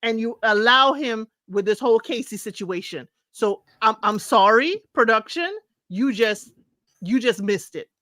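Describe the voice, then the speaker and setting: A woman's voice: a little high, animated, unhurried, fairly bright tone, dry recording. A woman co-hosting a reality TV recap chat, blunt and sassy in her commentary. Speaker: co-host of a reality TV recap show. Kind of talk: casual chat.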